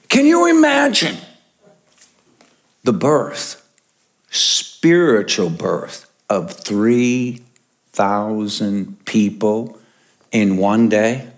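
Slow-talking older male pastor. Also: lowish voice, big pitch swings. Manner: slow, jokey storytelling with chuckles. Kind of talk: sermon.

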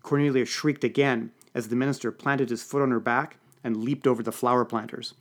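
Man reading a deadpan comic story. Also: medium pitch, a little fast. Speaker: audiobook podcast reader. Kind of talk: first-person comic story narration.

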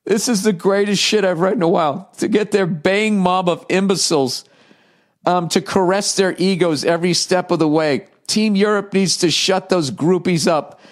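Male podcast host from the US, comic and profane, slightly high-pitched. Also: moderate pace. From United States. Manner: profane, riffing, reads aloud mockingly. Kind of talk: comedic podcast rant.

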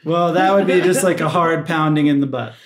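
A man's voice: fairly high pitch, brisk, a crowd in the background. A man co-hosting a podcast in casual chat, joking and crude, and laughing often. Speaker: podcast co-host.

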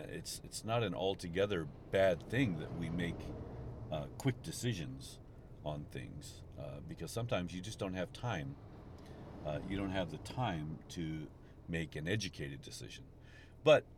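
A man hosting a casual podcast while driving, rambling with many restarts. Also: low voice. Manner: rambling, restarts often, gets frustrated in traffic. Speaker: podcast host. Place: inside a car in traffic. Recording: road noise from a car. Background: vehicle and road noise.

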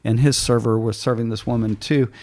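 A man's voice: mid-range voice, steady tone, brisk, darkish tone. A middle-aged man hosting a faith podcast, telling stories in an earnest, casual way with many restarts. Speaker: podcast host.

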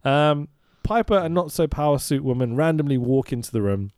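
Sweary sarcastic man, lively pitch. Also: fairly quick, no echo, studio quality. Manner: sweary, sarcastic, mock-quoting characters. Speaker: podcast co-host reviewing a film. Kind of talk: casual chat.

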